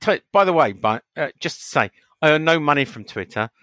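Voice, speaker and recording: A man's voice: fairly high pitch, animated, fairly quick, pushed and bright, dry recording. Podcast co-host guy, kinda hesitant, trips over his words, dry mic. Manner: hesitant, stammering restarts, defensive. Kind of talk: casual chat.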